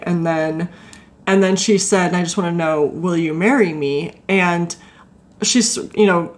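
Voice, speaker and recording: A woman co-hosting a podcast, telling a story in a casual, excitable way, full of "like"s. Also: lowish voice. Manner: animated, excitable, many "like"s. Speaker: podcast co-host.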